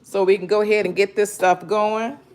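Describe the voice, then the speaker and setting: A woman's voice: medium pitch, little pitch movement, moderate pace, darkish tone. Chatty woman juicing fruit on a live stream. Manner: chatty, greets viewers by name, laughs often. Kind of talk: casual live kitchen chat. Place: home kitchen.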